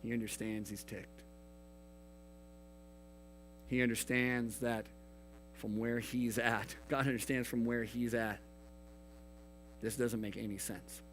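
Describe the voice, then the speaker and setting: Earnest youth pastor preaching over soft guitar. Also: male voice, fairly low pitch, rough recording. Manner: earnest, swings between hushed and emphatic. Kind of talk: youth sermon.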